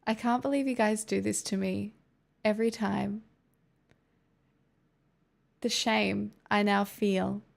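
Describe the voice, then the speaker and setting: Australian woman streamer, gravelly fry in the voice, casual chat replying to viewers. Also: mid-range voice, fairly even intonation, slow, long pauses. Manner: chatty, answers chat messages, rambling restarts. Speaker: livestreamer.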